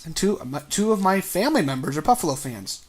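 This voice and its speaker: Man, casual sports podcast host, joking and rambling, slightly high voice. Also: very animated, fast talker. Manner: joking, rambling, sarcastic asides.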